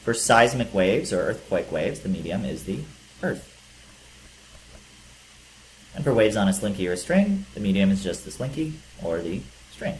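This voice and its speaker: A man's voice: on the low side, sing-song, normal speed, pauses often. A male teacher giving a physics lecture, explaining step by step with some fillers. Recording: echoey room with faint hiss.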